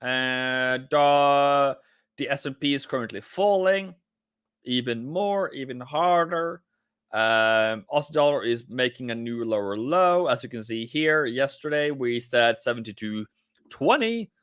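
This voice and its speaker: A man hosting a live trading stream, commenting on market moves in a playful, jokey way and breaking into excited chanting. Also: mid-range voice, a little slow, clean tone, no echo, clean studio sound.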